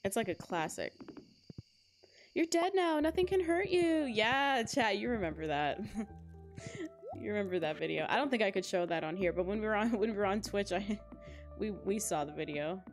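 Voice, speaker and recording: A woman's voice: mid-range voice, fairly quick. A young woman streaming a game live, chatting to her viewers in a giggly, rambling way with lots of fillers. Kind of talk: casual live-stream chat while playing. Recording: game music playing behind. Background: game music.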